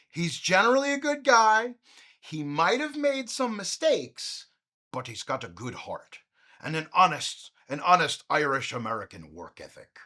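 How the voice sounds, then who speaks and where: Bright, animated, profane male film host. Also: fairly high pitch, measured pace. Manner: profane, ranting, frequently raising his voice. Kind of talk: comedic movie rant.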